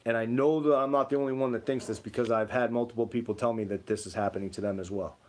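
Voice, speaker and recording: A young man co-hosts a livestream, reading viewer comments aloud and telling rambling stories in casual chat packed with "like" fillers. His mid-range voice is fast and darkish, with fairly even intonation and slight background noise.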